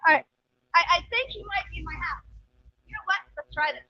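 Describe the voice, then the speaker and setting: A woman's voice: extremely high pitch, lively intonation, brisk, dry recording. A woman voicing a sly, scheming male trickster rabbit in a told folk tale, pleading and coaxing. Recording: dull lo-fi stream audio.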